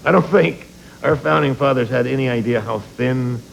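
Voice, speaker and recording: A middle-aged man doing a sarcastic stand-up routine and talk-show banter, with punchy delivery and quick asides. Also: medium pitch, creaky, rough recording. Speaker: stand-up comedian and guest. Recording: TV studio taping with audience laughter and hiss.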